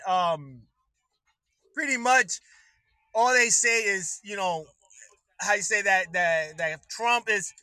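A man with a high-pitched voice hosts his own livestream, delivering an excitable political rant full of swearing and laughing between lines. The audio has no echo but is poor quality.

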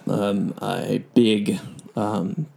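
Gravelly young man rambling through a story. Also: fairly low pitch, little pitch movement, extremely slow, dark tone. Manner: rambling storyteller, many fillers, acts out quotes. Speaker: podcast host and DJ. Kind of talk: casual chat.

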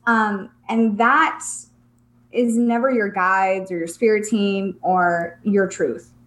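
A woman's voice: medium pitch, fairly even intonation, slow, a bit bright. A young adult woman co-hosting a spiritual podcast, speaking earnestly and reflectively with casual fillers. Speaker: podcast co-host.

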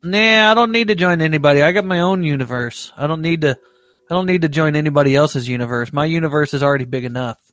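A man's voice: fairly high pitch, fast, fairly bright tone, no echo, clean studio sound. A man hosting a live online talk show, joking around in a teasing, mock-offended way and laughing often. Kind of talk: casual joking chat.

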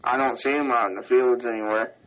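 A performer voicing a slow, deep-voiced hillbilly man with a flat drawl in a comedy skit. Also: muffled recording, natural voice. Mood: dull.

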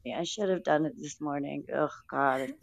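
Give me a young woman with a lowish, slightly raspy voice, talking loosely on a phone livestream, dry and close. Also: moderate pace, no room sound. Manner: loose and swearing, fumbling words. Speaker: livestream host. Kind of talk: casual livestream chat.

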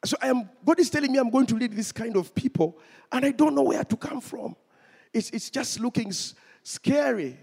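High-voiced male preacher in a reverberant hall. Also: lively intonation, moderate pace, vocal fry, darkish tone, breathy edge. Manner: storytelling, speaks to the congregation directly. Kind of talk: sermon testimony.

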